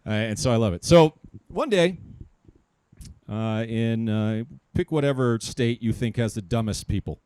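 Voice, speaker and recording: At an outdoor park show, a male stand-up comedian tells a joke in a loose, hesitant way full of fillers. His mid-range voice is smooth with a darkish tone, unhurried, and recorded with no echo.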